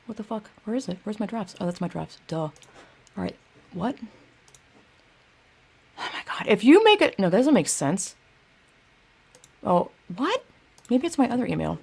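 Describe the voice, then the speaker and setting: A woman's voice: medium pitch, very animated, moderate pace, vocal fry, long pauses, darkish tone, slightly rough. Profane, exasperated woman ranting on stream. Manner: profane, exasperated, talks to chat while fumbling with her phone. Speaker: video creator ranting to live chat. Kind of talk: casual livestream rant.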